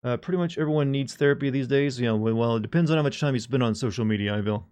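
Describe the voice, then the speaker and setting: Male streamer, mid-pitch, casual rambling banter with dark jokes. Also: fast, smooth. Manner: joking, rambling, talks to chat. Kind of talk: casual live-stream chat.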